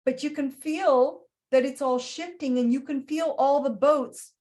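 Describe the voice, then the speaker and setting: A woman hosting a spiritual astrology talk in an animated way, often slipping into playful character voices. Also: high-pitched, a little slow. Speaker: astrology host.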